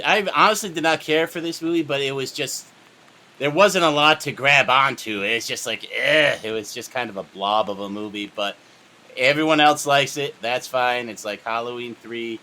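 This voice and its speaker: A man's voice: mid-range voice, bright, forceful tone. A man co-hosting a podcast in casual chat, wry and laid-back. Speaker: podcast co-host.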